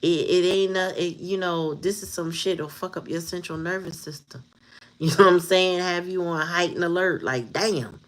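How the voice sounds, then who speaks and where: A woman with a fairly low voice and a moderate pace gives a casual tarot reading. She is blunt and profane, speaks directly to her viewers, and laughs often.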